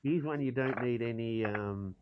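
A man's voice: medium pitch, moderate pace, highs cut off, a crowd in the background. A man on a casual podcast, telling crude bits and rambling with fillers. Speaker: podcast co-host.

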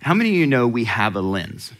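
A man's voice: medium pitch, sing-song, fast talker, a bit bright. A man preaching a sermon in a conversational way, asking the congregation questions and laughing often. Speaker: pastor.

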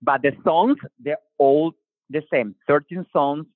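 A man with a Latin American Spanish accent and Spanish as his first language, talking about his music in a casual interview. He is animated, restarts his sentences often and acts out quotes. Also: fairly high pitch, measured pace, dry recording. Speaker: singer-songwriter guest. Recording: tinny phone-line call.

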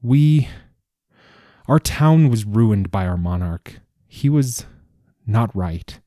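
A man voicing a weary, fearful caravan leader who speaks haltingly. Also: fairly low pitch, lively intonation, warm tone, no room sound, clean studio sound.

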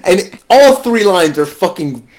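A man's voice: sits high, measured pace. A man in casual conversation about a film, swearing freely and acting out lines from characters. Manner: profane, animated, quotes characters in put-on voices. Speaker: podcast co-host.

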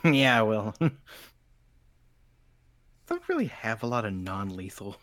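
A woman playing a tabletop game, playful and excitable. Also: very deep voice, slow, very noisy. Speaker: player. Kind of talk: casual tabletop game play.

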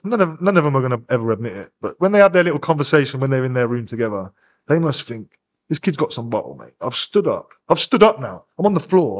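Blunt, profane man telling a story. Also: fairly high pitch. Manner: blunt, profane, street slang. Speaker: podcast guest. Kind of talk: candid storytelling interview.

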